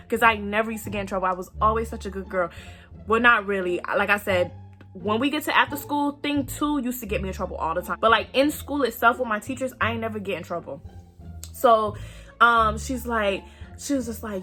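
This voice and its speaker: Young woman, storytime vlogger, animated, profane, talking straight to viewers, acting out voices, tense bright tone, faint background music. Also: a little high, normal speed. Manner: acts out quoted voices. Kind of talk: casual storytelling to camera.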